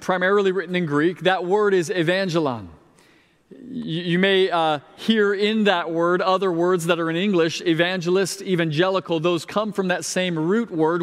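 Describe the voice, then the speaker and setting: A male pastor delivers a sermon in a relaxed, conversational way with touches of humor. His voice sits notably high for a man. The sound carries the long reverb of a large church sanctuary. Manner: conversational, lightly humorous preaching.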